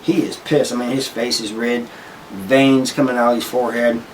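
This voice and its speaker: A man's voice: medium pitch, fairly even intonation, normal speed, distant mic, a little hiss or hum, low-quality recording. A man hosting his own channel, casually telling a story with many restarts and asides. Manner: rambling, with frequent restarts and "you know" asides. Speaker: channel host telling prison stories.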